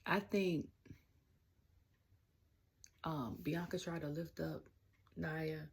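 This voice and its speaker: A woman's voice: low-pitched, steady tone, very slow, vocal fry, slight background noise. A young woman with a Southern US accent, rambling casually through a wrestling review, full of slang and filler. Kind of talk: casual rant-style review.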